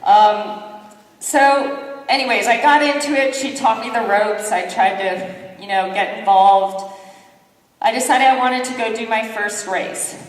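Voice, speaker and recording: A woman giving a motivational keynote, telling lively, self-deprecating stories and acting out what people said. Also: a little high, unhurried. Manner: lively, self-deprecating storyteller who acts out quotes. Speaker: keynote speaker. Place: large conference hall. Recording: echoey hall, distant mic.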